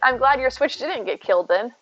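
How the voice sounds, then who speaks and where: A woman live-streaming from her home, chatting casually with her viewers and answering them by name. Her voice sits a little high and wanders from one thought to the next. The sound is dull and lo-fi, as from a modest stream setup. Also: lively intonation, fairly quick. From United States. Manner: chatty, rambling, talks to chat by name. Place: home, indoors.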